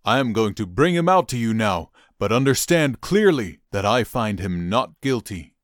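A man's voice: on the low side, big pitch swings, normal speed, dry recording, studio quality, pitched above the performer's own voice. A man voicing a stern, uneasy male Roman governor in a Bible reading, with raised, insistent questions.

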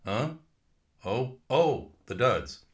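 A man voicing a folksy, wry male ghost who was once a dean, talking in a slow, dry drawl. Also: mid-range voice, very animated, voice pushed up.

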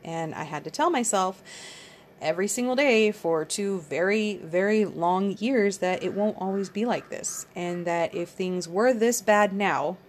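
A woman's voice: medium pitch, a little slow, slight background noise. A woman in her thirties talking candidly in a rambling casual monologue, swearing freely, as the podcast host. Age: 30s.

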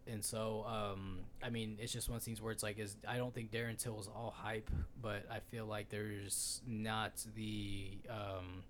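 A man's voice: on the low side, little pitch movement, measured pace, hardly any pauses, fairly bright tone, slight background noise. A man co-hosting a casual sports podcast, rambling and swearing freely with lots of fillers. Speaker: podcast co-host.

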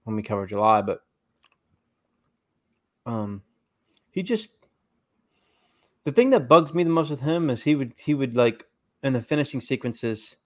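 Male podcast host, casual and rambling, mid-pitched, chewing while he talks. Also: animated, unhurried, long pauses. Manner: rambling, restarts often, swears casually; eating while talking. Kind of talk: casual wrestling podcast chat.

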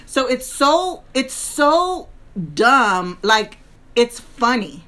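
Female co-host, high and bright, lively storyteller who laughs easily. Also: measured pace. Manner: animated, laughing, acts out sounds. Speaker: podcast co-host. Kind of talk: casual storytelling chat.

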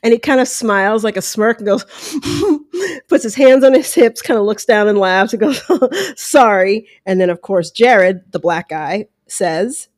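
A woman's voice: medium pitch, moderate pace, few pauses, no echo, studio quality. A woman hosting her own podcast, talking straight to listeners in a chatty, casual way and acting out what others said. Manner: chatty, talks to listeners directly, acts out quotes. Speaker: podcast host, former reality show houseguest. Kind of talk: casual commentary.

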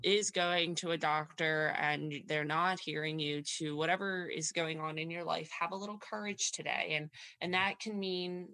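A woman co-hosts a podcast in casual chat, wandering through her thoughts with many asides. Her voice is bright and a little low-pitched. The sound is dry and close, with no room echo. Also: fairly even intonation, moderate pace, few pauses. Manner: rambling, lots of fillers and restarts. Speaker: podcast co-host.

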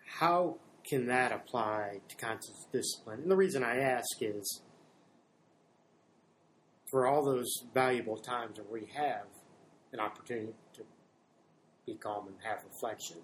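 A man's voice: medium pitch, slight background noise, low-quality recording. A man asking questions in a conversation, often restarting as he shapes them. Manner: halting, restarts while framing questions.

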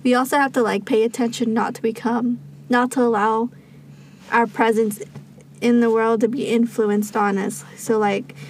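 A young woman co-hosting a casual faith podcast, giggly and quick with asides. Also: on the high side, level tone, darkish tone, slight background noise. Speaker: podcast co-host.

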